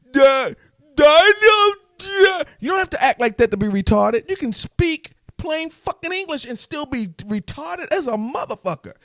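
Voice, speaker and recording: A man's voice: extremely high pitch, no room sound, clean studio sound. A man delivering a heated, profane rant as a live streamer. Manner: profane, heated, swings loud and quiet. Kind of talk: ranting monologue.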